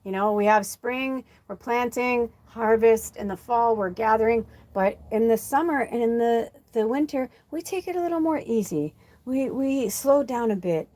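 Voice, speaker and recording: A woman working as a spiritual medium, talking in a chatty, animated way on a live-stream reading and calmly coaching listeners with encouraging affirmations. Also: fairly high pitch, moderate pace. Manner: chatty, animated, sprinkles in "like" and "you know".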